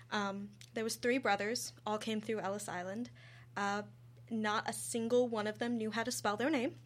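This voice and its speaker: A young American woman co-hosting a casual radio discussion, talking hesitantly with many fillers. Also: mid-range voice. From United States. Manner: hesitant, many ums and uhs. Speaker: radio show co-host.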